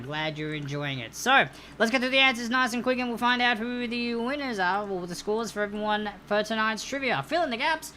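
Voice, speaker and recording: A woman's voice: mid-range voice, bright, forceful tone, a little hiss or hum. A woman hosting a live-streamed trivia night, reading out answers in a chatty, upbeat way and greeting viewers by name. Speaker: trivia host.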